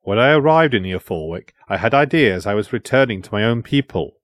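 A calm companion who speaks earnestly and reflectively, as a male narrator puts him on. His delivery is even and unhurried. The sound is dry and close. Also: on the low side, no room sound, lightly acted.

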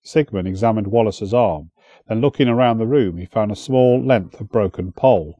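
Man narrating an audiobook, dark tone. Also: lowish voice, dry recording, dull audio. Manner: steady, measured storytelling.

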